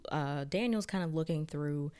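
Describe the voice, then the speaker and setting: A woman with a notably low voice talks through a TV episode in a loose, rambling recap. She fills her sentences with "like" and "you know" as she goes. The tone stays casual and conversational. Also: moderate pace, warm tone, clean tone. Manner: chatty, rambling, full of "like" fillers. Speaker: TV recap reviewer.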